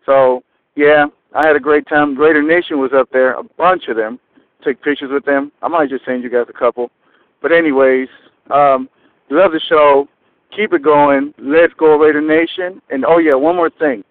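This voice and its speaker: A man's voice: a little high, steady tone, moderate pace, no echo. A man from Texas calling in to a show, an eager, rambling, fired-up fan. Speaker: caller. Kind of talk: excited phone-in call. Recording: tinny phone line.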